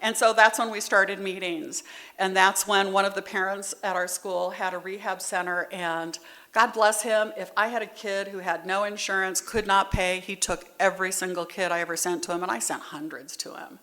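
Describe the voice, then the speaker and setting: A woman's voice: medium pitch, fairly even intonation, normal speed, sharp tone. A middle-aged woman speaking at a recovery meeting, telling her story candidly and conversationally, heartfelt and near tears at times. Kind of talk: personal testimony at a meeting.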